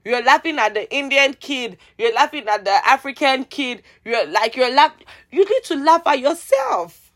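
A woman's voice: very animated, moderate pace. Heated Nigerian woman ranting. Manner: heated, exasperated ranting with sarcastic jabs and repeated pleas; swings between loud outbursts and low mutters. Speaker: vlogger. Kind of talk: rant vlog.

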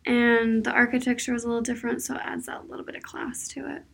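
Brief: woman student, high husky voice, gravelly fry. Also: level tone, quick pace, fairly bright tone. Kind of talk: casual interview reflection.

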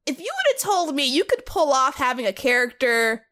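A woman co-hosting a casual podcast, excitedly retelling horror movie scenes with giggles and quoted lines. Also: high-pitched, moderate pace. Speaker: podcast co-host. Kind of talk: casual movie review chat.

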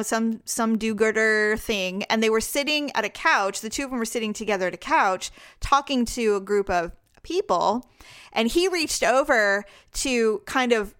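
A woman co-hosting a podcast, telling stories in a chatty, animated way with quick asides. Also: fairly high pitch, clean tone, dry recording, studio quality. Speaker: podcast co-host. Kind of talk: casual chat.

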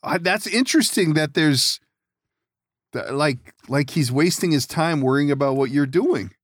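A man's voice: fairly high pitch, lively intonation, normal speed. A man hosting a podcast, chatting casually and cutting in with jokes. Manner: joking interjections. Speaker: podcast host. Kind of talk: casual chat.

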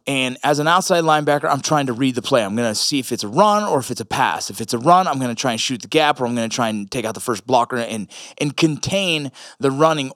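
A man's voice: medium pitch, fairly bright tone, no room sound, clean studio sound. A man, a military veteran and father, talking casually in a blunt, profane way with rambling asides. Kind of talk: casual monologue.

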